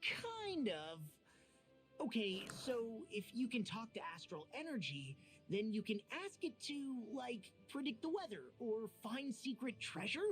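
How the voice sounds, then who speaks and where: A man's voice: very high-pitched, big pitch swings, unhurried, exaggerated voice. An actor playing a brash young male fighter in a game, blunt and earnest but haunted by his past. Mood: curious. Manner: bluntly earnest, turns quiet and hesitant. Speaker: game character. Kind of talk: game dialogue acting. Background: game music.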